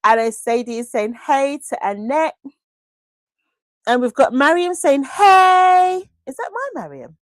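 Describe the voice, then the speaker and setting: A woman hosts a casual craft livestream, reading out comments and calling viewers by pet names. Her voice sits on the higher side and swings widely in pitch. The sound is close and dry at her desk mic. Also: big pitch swings, normal speed, no echo. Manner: chatty and gushing, affectionate pet names. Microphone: desk microphone.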